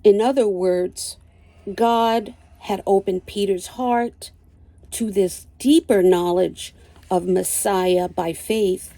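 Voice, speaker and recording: An older woman teaching a Bible lesson, reading slowly and deliberately and citing chapter and verse. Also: mid-range voice, gravelly, warm tone, dry recording.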